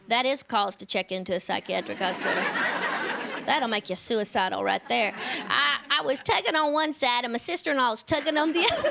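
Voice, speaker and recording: A woman stand-up comedian with punchy, self-mocking comic timing, telling stories and then chatting as a guest. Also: fairly high pitch. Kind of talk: stand-up comedy routine then interview chat. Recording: background noise under the voice.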